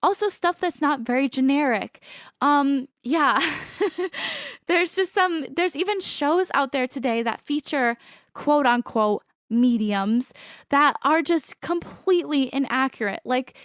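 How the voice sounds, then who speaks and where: A woman's voice: high-pitched, expressive, a little slow, a bit bright, no room sound, studio quality. A young woman hosting a podcast, talking casually about mediums with many fillers and self-corrections. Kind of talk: casual chat.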